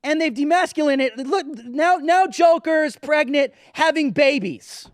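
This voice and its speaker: High-voiced man ranting on his show. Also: animated, a little slow, few pauses, dry recording, clean studio sound. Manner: emphatic, mocking, talks to viewers as guys and dude. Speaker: show host. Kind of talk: ranting commentary.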